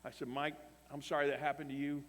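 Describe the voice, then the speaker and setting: A man's voice: fairly high pitch, little pitch movement, fast, a bit bright. A man preaching a sermon, telling a story animatedly and acting out both sides of the dialogue. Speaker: pastor. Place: camp meeting hall. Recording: long hall reverb.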